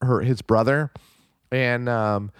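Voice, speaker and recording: A man's voice: mid-range voice, fairly even intonation, slow pace, clean tone, no echo. A man co-hosting a casual movie review podcast, joking and laughing as he picks apart scenes. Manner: laughing, joking, quotes film lines in put-on voices. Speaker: podcast co-host.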